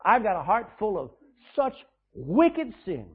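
Male pastor mid-sermon, high-pitched, emphatic; tinny phone-line quality. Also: wildly swooping pitch, breathy edge. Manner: preaching with emphatic swings in volume, reading scripture slowly. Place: church sanctuary.

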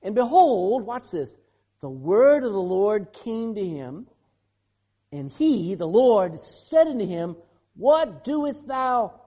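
Lively, questioning preacher mid-sermon. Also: medium pitch, slow pace, husky. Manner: animated preaching with rhetorical questions to the congregation. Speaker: pastor.

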